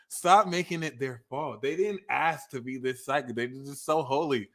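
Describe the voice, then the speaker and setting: A man giving a casual livestream tarot and astrology reading, excitable and profane, teasing his viewers and swinging into loud outbursts. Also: medium pitch, moderate pace, few pauses.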